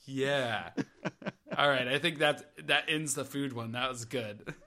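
A man's voice: mid-range voice, normal speed, pushed and bright. A man co-hosting a casual comedy podcast, bantering playfully and laughing often. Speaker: podcast co-host.

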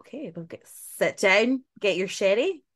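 A woman's voice: medium pitch, big pitch swings, unhurried, fairly bright tone, no echo. A Scottish woman co-hosting a podcast, chatting casually and swearing freely as she tells spooky folklore. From Scotland. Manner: chatty, swearing, laughing asides. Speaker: podcast co-host. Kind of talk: casual chat, telling folklore.

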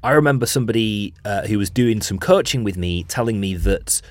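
A man in his thirties from Bolton with a softened Bolton accent, a podcast host chatting reflectively, often restarting his sentences. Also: fairly low pitch, animated, brisk, no room sound. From Bolton, Greater Manchester. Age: 30s. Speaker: podcast host and radio presenter. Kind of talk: casual chat.

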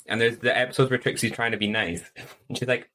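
A man's voice: medium pitch, fairly even intonation, quick pace, bright, forceful tone. A young man co-hosting a podcast, playful and camp, giggling as he chats. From Scotland. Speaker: podcast co-host. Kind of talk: casual chat.

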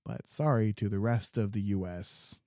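Podcast co-host, Midwestern man, low mellow voice, dry close sound, lively storyteller. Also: moderate pace, no echo. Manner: animated, acts out customers in quoted voices. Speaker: garden center worker. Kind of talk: casual storytelling chat.

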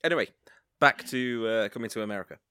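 A man co-hosting a podcast, chatting casually with measured, dry-humored replies. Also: mid-range voice, sharp tone, clean tone. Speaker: podcast co-host. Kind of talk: casual chat.

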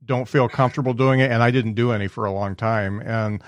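Relaxed man podcast host, dry sound. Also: mid-range voice, brisk, dry recording. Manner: relaxed, brief affirmations. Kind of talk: podcast conversation.

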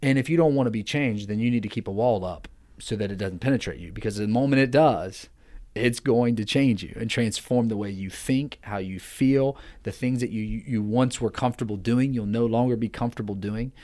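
A man's voice: on the low side, brisk, mellow. A man hosting a faith podcast, speaking in an earnest, preachy way while chatting. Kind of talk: casual faith podcast chat.

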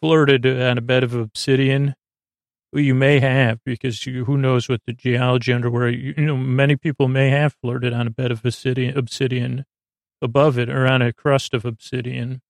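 A man's voice: mid-range voice, level tone, moderate pace, creaky, no room sound, clean studio sound. A man hosting a podcast, recapping a TV episode in a rambling, jokey way, often stopping himself mid-thought. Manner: rambling, self-interrupting, jokey, thinks aloud while checking the show.

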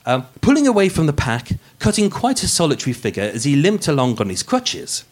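Brisk and a little high, this man's voice swoops wildly in pitch as he hosts a true-crime podcast live before a room of listeners. He's English, with a Birmingham accent, and his narration is jokey and self-deprecating, full of verbal stumbles.

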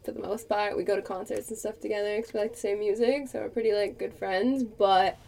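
A woman's voice: medium pitch, steady tone, brisk, gravelly, a little mellow, distant mic. A young woman from Boston with a light Boston accent, co-hosting a podcast in casual chat, laughing often and swearing freely. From Boston area. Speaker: podcast co-host.

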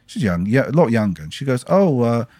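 A man's voice: medium pitch, sing-song, fairly quick, dark tone, dry recording. A middle-aged man telling a story in casual podcast chat, acting out the other people's lines as he goes.

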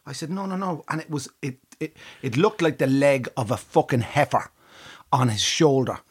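An Irish man hosting a podcast, telling an animated travel story with frequent laughter and swearing. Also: mid-range voice, normal speed, husky. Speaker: podcast co-host.

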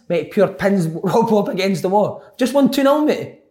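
A man, a former footballer telling animated stories in casual chat, laughing often and acting out quotes. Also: high-pitched, moderate pace. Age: 20s at the time, now older.

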